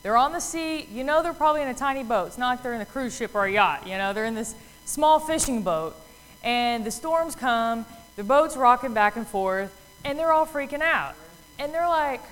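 A woman's voice: fairly high pitch, animated, moderate pace, fairly bright tone, long reverb tail, low-quality recording. A woman giving a casual Bible talk, telling the story in a chatty way with many fillers and acting out the voices of the people in it. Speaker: Bible teacher.

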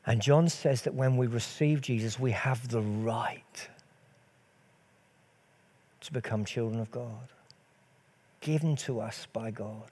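Mellow-voiced man preaching a sermon. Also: mid-range voice, slow pace, pauses often, breathy edge. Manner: earnest, builds with repeated rhetorical questions.

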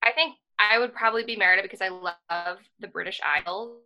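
A woman co-hosting a casual podcast, rambling along with plenty of "like" and "um". Her voice is bright and edged, sitting at an ordinary middle pitch. She sounds earnest and enthusiastic about what she is saying. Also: brisk, low-quality recording. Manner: rambling, filler-heavy, frequent "like" and "um". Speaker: podcast co-host. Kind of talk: casual chat.

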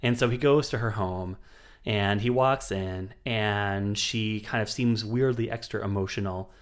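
This podcast co-host has a lowish voice and a steady tone, and he speaks at a measured pace. In a casual conversation, he rambles through the plot of a film with plenty of fillers and digressions.

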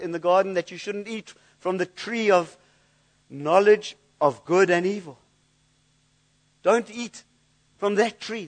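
Church pastor, man, high-pitched voice, earnest sermon delivery with stumbling repeats. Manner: earnest, repeats words when searching for them.

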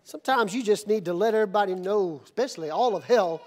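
A male pastor delivers a sermon in a church. His voice sits very high for a man. He moves from calm, steady teaching to shouted, energetic call-and-response with the congregation. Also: quick pace. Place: church sanctuary.

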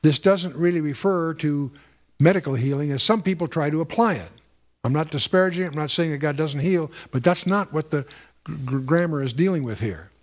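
Earnest man teaching scripture, slightly high. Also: brisk. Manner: earnest, explanatory, with frequent restarts and rhetorical questions. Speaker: Bible teacher. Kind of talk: verse-by-verse sermon teaching.

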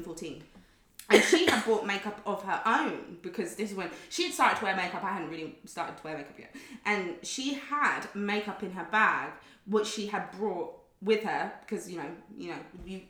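A young woman, a podcast guest, telling stories in casual chat and acting out dialogue with frequent laughter. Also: lowish voice. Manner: animated, laughs often, acts out dialogue. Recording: roomy echo.

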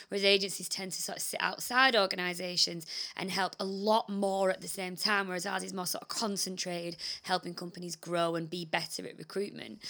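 A woman's voice: medium pitch, bright, forceful tone. A young woman co-hosting a casual business podcast, talking chattily with frequent laughs and mild swearing. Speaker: podcast co-host, recruitment business owner.

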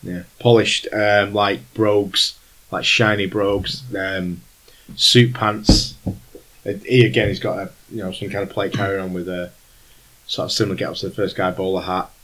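A man's voice: sits low, flat delivery, moderate pace, fairly bright tone, poor audio. A man acting as game master, describing scenes in a rambling way with plenty of fillers. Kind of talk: narrating a tabletop game.

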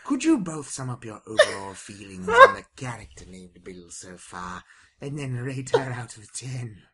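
A man putting on a sinister horror-film host voice to dramatically read out a male listener's email, with a deep, theatrical drawl. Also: huge pitch swings, moderate pace, bright, forceful tone.

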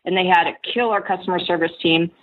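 A woman's voice: fairly low pitch, fast talker. Woman on a tinny phone line. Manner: lively anecdotal storyteller. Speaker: guest, e-commerce entrepreneur. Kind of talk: interview answers, storytelling.

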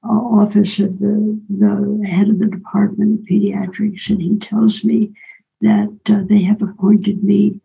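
An older woman telling a personal story in a reflective way, often pausing and adding "right?" asides. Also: mid-range voice, level tone, gravelly, mellow, breathy edge, poor audio.

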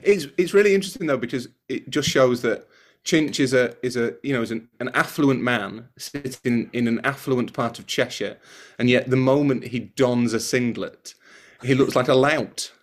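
A man co-hosting a podcast, teasing his friends in quick, amused chat. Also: mid-range voice. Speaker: podcast co-host. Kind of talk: casual chat among friends.

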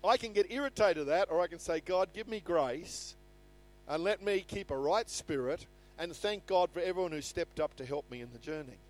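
A man's voice: high voice, moderate pace. An older man preaching a sermon in an earnest manner, reading scripture aloud with rising emphasis. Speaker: pastor. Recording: faint music behind.

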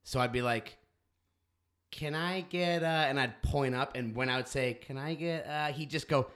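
A man co-hosting a casual podcast, telling stories with lots of swearing and loud acted-out quotes. He grew up on the US East Coast. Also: mid-range voice, normal speed. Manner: animated, swearing, acts out quotes loudly. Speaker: podcast co-host. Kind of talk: casual storytelling chat.

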